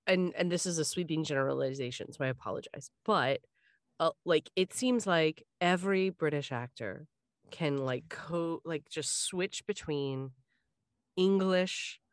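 She's a podcast co-host from the Richmond area of Virginia, speaking in a low voice at a measured pace. Her casual chat wanders with lots of fillers and restarts, captured at studio quality without echo.

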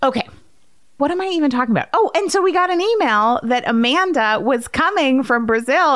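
A woman in her thirties hosting a podcast, telling a story in a lively, chatty way and acting out quotes. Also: sits high, brisk, no echo, clean studio sound. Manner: animated storyteller, acts out quotes. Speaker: podcast host. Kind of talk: casual chat.

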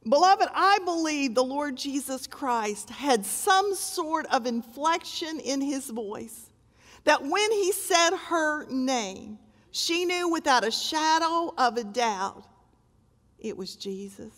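An older woman preaching a sermon with dramatic, emphatic storytelling, moving between loud exclamations and hushed tones. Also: high-pitched, animated, slow, big-room sound.

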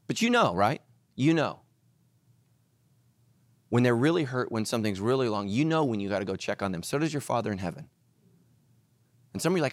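Animated middle-aged pastor preaching. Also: male voice, mid-range voice, a little fast, pauses often, no room sound. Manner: animated, acts out voices, jokes with the congregation. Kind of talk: sermon.

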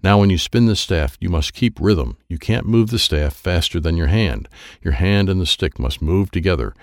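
A man's voice: low-pitched, animated, moderate pace, no echo, studio quality. A man voicing a stern, patient male karate master who gives firm, instructive commands. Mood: firm instructing.

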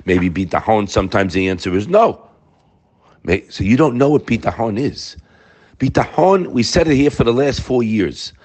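A man's voice: lowish voice, animated, normal speed, a little mellow. A man teaching a daily Torah class, firing rhetorical questions and mixing Hebrew terms into his English.

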